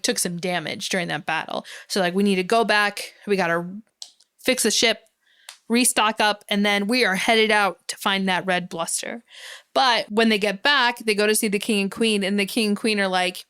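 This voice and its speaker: A woman's voice: mid-range voice, fairly bright tone, clear, resonant tone. A woman co-hosting a podcast, chatting casually as she recaps a film, laughing often and acting out the characters' lines. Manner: giggly, acts out characters' lines in quick paraphrase. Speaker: podcast co-host.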